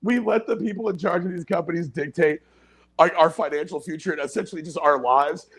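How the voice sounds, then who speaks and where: A man's voice: a little high, fairly quick, a bit bright, slightly rough. A man talking as a podcast guest in a loose, profane, casual chat, laughing often and trailing off into fillers.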